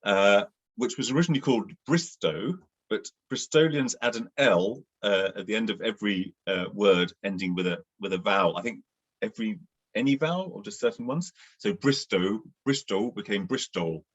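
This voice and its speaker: A man's voice: on the low side, fairly quick, husky, dull audio. A man from England with a Southern English accent, co-hosting a casual, discursive chat with frequent fillers. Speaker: podcast co-host. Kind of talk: casual conversation.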